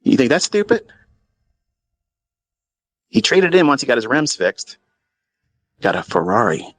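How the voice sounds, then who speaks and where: A middle-aged man spins a long, blunt story. His talk is mocking and full of swearing. The sound is dry and close, at a middle pitch. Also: big pitch swings, measured pace, a bit bright, dry recording. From Maryland, USA. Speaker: trading educator. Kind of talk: casual storytelling monologue.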